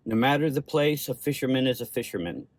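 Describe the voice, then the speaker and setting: A man voicing an older Russian doctor with a Russian accent, speaking slowly and gently. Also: mid-range voice, expressive, no room sound, natural voice. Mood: grave. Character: older male Russian doctor, kind, sad.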